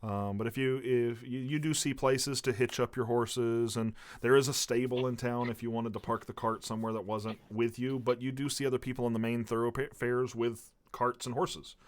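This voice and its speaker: A man's voice: medium pitch, steady tone, normal speed, hardly any pauses. A man running a tabletop game as dungeon master, describing scenes in a loose, rambling way with many fillers.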